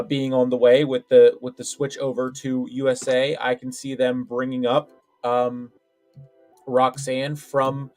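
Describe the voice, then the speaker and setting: A man with a mid-range, somewhat mellow voice co-hosts a podcast of casual wrestling predictions. His talk rambles, full of filler, restarts, and repeated "like."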